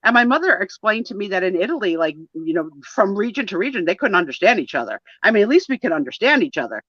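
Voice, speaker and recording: A woman from the New Jersey and New York area, chatting in a rambling, animated way while co-hosting a live photo sale. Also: medium pitch, fast, dry recording, dull audio. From northeastern US, New Jersey and New York area. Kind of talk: casual live-stream chat.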